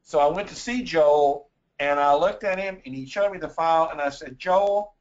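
A man's voice: fairly high pitch, normal speed, lo-fi sound. A man giving a sales presentation in a webinar, stammering and repeating words as he gets wound up telling stories.

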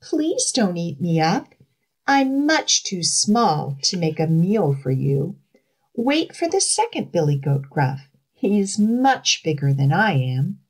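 A woman voicing a tiny, timid young billy goat with a small, high, pleading voice. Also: sing-song, takes it slowly, slightly rough, exaggerated voice.

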